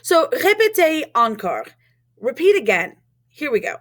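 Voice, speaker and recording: A woman teaching French in a recorded lesson, modeling words clearly and asking learners to repeat after her. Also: high voice, sing-song, unhurried.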